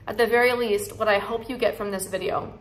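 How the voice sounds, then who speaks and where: A woman's voice: mid-range voice, steady tone, a little slow, fairly bright tone. A woman in her thirties, a sobriety coach, talking straight to her viewers in an earnest, encouraging way and repeating affirmations. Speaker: sobriety coach and channel host. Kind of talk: heartfelt direct-to-camera talk.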